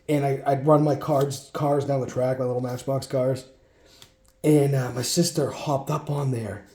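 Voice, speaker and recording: A man's voice: a little high, dark tone. Chatty man telling stories in an echoey room. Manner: rambling, chatty, many fillers and restarts. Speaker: card collection vlogger. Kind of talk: casual storytelling while sorting cards.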